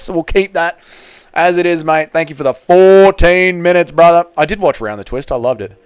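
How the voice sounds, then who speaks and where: A man's voice: a little high, animated, moderate pace, smooth, no room sound, clean studio sound. A man with an Australian accent chatting casually on a livestream, reading donations and swearing in matey banter. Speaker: MMA YouTuber streaming live.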